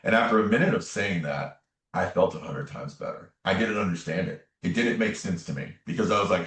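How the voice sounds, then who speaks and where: A man's voice: deep voice, fairly quick, a bit bright. A man, a spiritual medium guest, telling his story in an earnest, emphatic way with repeated phrases. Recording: roomy echo, distant from the mic.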